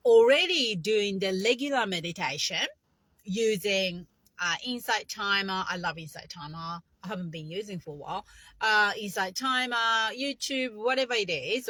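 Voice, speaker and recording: Bright-voiced woman coaching meditation. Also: mid-range voice, no echo. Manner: chatty, non-native English phrasing, guiding breaths. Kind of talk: casual instructional talk.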